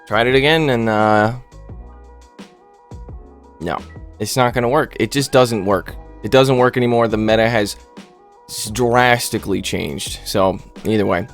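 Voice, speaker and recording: A man's voice: lowish voice, measured pace, pauses often, soft background music. A man casually commentating on his online game battles, joking and rambling with silly asides.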